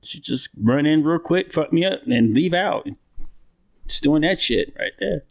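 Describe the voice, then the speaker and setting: A man's voice: a little high, animated, measured pace, creaky. A man co-hosting a podcast in casual chat, rambling and profane, with many restarts. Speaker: podcast co-host.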